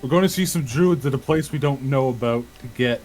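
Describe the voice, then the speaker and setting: A man's voice: mid-range voice, a little fast, a little mellow, rough recording. A man playing in a tabletop game, joking and feigning innocence. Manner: playfully evasive, feigning innocence. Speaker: player. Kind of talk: casual tabletop banter.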